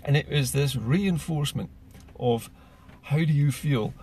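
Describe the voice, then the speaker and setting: A man's voice: fairly high pitch, measured pace, a little mellow, a little hiss or hum. A man, speaking in an earnest, persuasive political monologue full of rhetorical questions. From Scotland. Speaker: political commentator.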